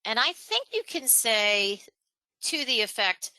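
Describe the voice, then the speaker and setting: A woman presenting a live webinar on speaking skills, animated and chatty, acting out examples. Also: slow, no echo, low-quality recording. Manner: animated, acts out examples in a higher voice, laughs between points. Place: online webinar, home or office.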